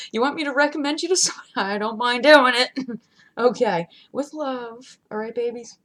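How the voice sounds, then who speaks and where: A woman vlogging from home in a casual, chatty rant, laughing often and swinging between loud outbursts and hushed asides. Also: fairly high pitch, normal speed. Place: home, not in her studio.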